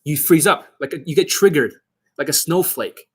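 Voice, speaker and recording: A man's voice: fairly high pitch, moderate pace, fairly bright tone, breathy edge. A man working as a dating coach, ranting aggressively and profanely on a livestream.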